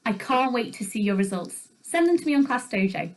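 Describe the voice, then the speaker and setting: A young woman teacher giving a recorded home-learning lesson, clear and upbeat, explaining things slowly for children. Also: on the high side, sing-song, poor audio. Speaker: primary school teacher.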